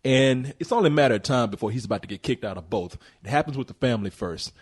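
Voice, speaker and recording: A man's voice: mid-range voice, animated, quick pace. A man hosting a casual movie review podcast, recapping the plot in a joking, profane way and laughing often. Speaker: film review podcast host.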